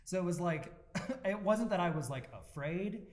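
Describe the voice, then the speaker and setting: A man's voice: high voice, animated, normal speed. A man co-hosting a church podcast in casual chat, laughing often and filling his talk with "like". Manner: laughing, chatty, uses "like" often. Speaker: youth pastor and podcast co-host.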